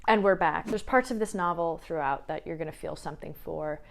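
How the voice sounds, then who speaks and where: A young woman chatting casually as a book vlogger, emotional and quick to laugh and tear up. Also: deep voice, creaky. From small town, Midwest US. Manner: chatty, emotional, laughs and tears up while talking. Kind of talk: casual chat.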